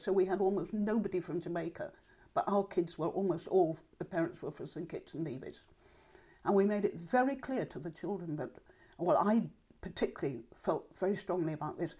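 Her voice runs low and mellow with a breathy edge. In this oral-history interview, the older woman looks back chattily and thoughtfully, saying exactly what she thinks.

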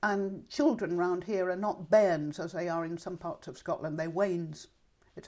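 A woman's voice: fairly low pitch, steady tone, a little slow, darkish tone. An older woman being interviewed, reminiscing in a chatty, thoughtful way and speaking her mind. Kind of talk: reminiscing oral-history interview.

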